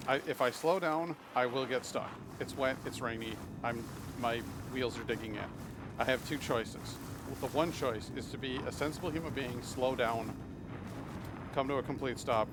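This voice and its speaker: A man's voice: mid-range voice, very noisy. A man streaming a video game live, telling rambling anecdotes and swearing freely at the game. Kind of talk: live gameplay commentary and storytelling.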